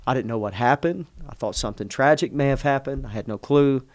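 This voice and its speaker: A middle-aged pastor with a somewhat dark, mid-range voice speaks briskly while telling a personal story in conversation. His manner is earnest and emotional, and he often breaks off to restart sentences. The recording has no room sound.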